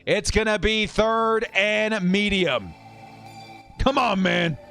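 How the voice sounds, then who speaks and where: A high-pitched man in his thirties hosts a live fan watch stream, calling plays and reading out donation messages. He talks with exuberant energy and breaks into shouts. Faint music plays behind him. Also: slow pace, creaky. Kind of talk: excited live game commentary and chat reading.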